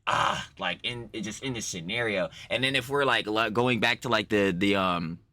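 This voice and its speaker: A man's voice: lowish voice, moderate pace, bright, forceful tone, no echo. A man streaming a reaction, talking in a rambling, profane way with lots of filler. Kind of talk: casual reaction talk.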